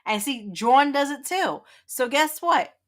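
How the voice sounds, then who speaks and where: A woman hosts a casual livestream in a slightly high voice. She rambles through her points with restarts and teases her viewers in a playful way. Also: expressive, unhurried. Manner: playful, teasing, laughs often. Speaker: livestream host.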